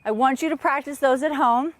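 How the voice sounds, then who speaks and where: Energetic woman coach, high voice, counts drills aloud for kids, a bit winded. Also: brisk, no room sound. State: out of breath. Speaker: tennis coach. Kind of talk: live online kids' workout lesson.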